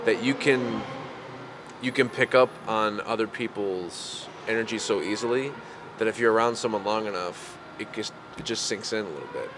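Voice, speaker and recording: A man hosting a podcast in casual conversation, rambling and laughing often, with lots of fillers. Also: on the low side. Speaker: podcast host. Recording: noisy background recording.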